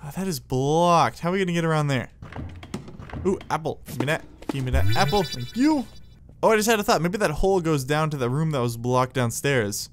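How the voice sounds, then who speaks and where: A man giving excitable, jokey let's play commentary, yelling at enemies as he plays. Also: on the high side, brisk, faint music behind. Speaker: gameplay commentator.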